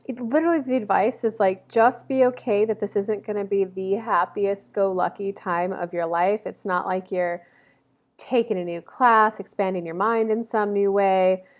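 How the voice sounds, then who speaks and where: A woman in her thirties talks through an astrology reading in a loose, rambling way, full of fillers and restarts. Her voice sits at a middling pitch. She speaks straight to viewers through a camera mic. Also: fairly even intonation, moderate pace. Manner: rambling, chatty, many fillers and self-corrections. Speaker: astrology reader. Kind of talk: casual monthly zodiac reading to camera.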